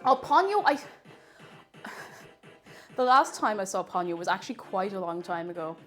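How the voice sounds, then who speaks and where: Medium-pitched and speaking at normal speed, a young Irish woman rambles animatedly during a live baking stream. She laughs often and reads chat messages aloud. Faint music sits behind her voice.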